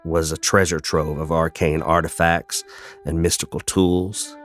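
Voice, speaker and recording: A man narrating a fantasy story in a calm, measured, descriptive way. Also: low voice.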